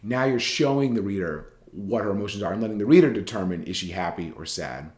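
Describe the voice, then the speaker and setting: A man's voice: fairly low pitch, lively intonation, fast talker, a little mellow, roomy sound. A man teaching a journalism writing class in a recorded lecture, talking casually and rambling, with many fillers and restarts.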